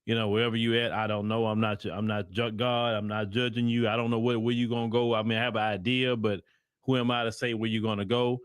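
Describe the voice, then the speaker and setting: A man's voice: lowish voice, flat delivery, quick pace, smooth, dry recording, studio quality. Man ranting in a rambling commentary. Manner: heated, rambling with repeated restarts. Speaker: host and commentator. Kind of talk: livestream commentary.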